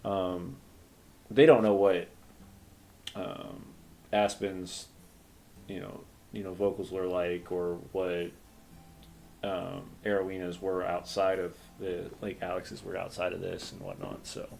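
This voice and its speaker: Low, gravelly-voiced man hosting a panel. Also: fairly even intonation, slow pace, pauses often, darkish tone, slight background noise. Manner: rambling, self-deprecating, many fillers. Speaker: game master and panel host. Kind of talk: casual panel chat. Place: convention stage panel.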